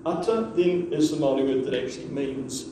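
A man's voice: medium pitch, fairly quick, background noise. A man teaching a language class, patiently repeating words for the students to echo. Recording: echoey room, mic far off.

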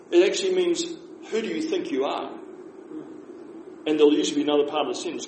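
A man's voice: a little high, darkish tone. Patient New Zealand man teaching Māori. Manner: patient, explains slowly and repeats phrases. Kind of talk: relaxed classroom teaching. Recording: echoey room with faint noise.

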